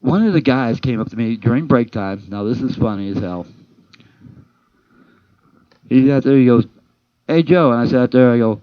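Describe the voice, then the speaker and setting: A man's voice: mid-range voice, moderate pace, pauses often, clean tone, dry recording. A man telling rambling comic stories from his job, acting out the dialogue with lots of fillers and restarts. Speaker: amateur comedian telling work stories. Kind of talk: casual storytelling monologue. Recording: dull lo-fi homemade recording, dry.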